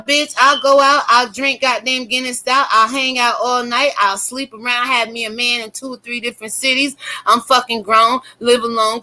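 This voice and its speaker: A middle-aged woman delivering a fiery, profane religious rant as an online commentator, shifting between loud preaching and low muttering.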